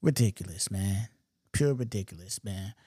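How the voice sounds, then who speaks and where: A man's voice: lowish voice, moderate pace, dark tone, breathy edge, no echo, clean studio sound. A man hosting a podcast, retelling stories in a casual, slangy and emphatic way with frequent asides to the listener. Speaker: podcast host. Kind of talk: casual storytelling monologue.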